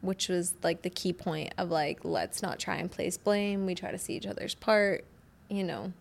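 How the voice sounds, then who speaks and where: Young woman host, frank and loose-tongued, quick to laugh. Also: fairly low pitch, fairly even intonation, creaky. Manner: candid, swears freely, laughs often. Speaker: podcast host. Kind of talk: casual chat.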